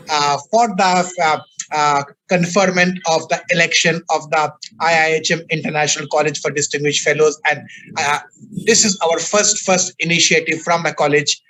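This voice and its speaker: A man with a bright, slightly high voice wraps up a conference session over a video call. He speaks haltingly, with many fillers and restarts. A faint hiss sits under the line. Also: rough recording. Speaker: conference convener. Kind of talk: closing remarks on a video call.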